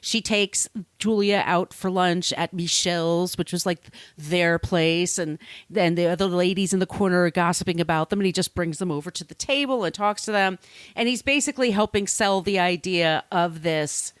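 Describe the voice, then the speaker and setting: Woman podcast co-host, relaxed chatty manner, lowish voice, dry booth sound. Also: moderate pace, smooth, no echo. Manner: relaxed, chatty, with short agreeing interjections. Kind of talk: casual movie discussion.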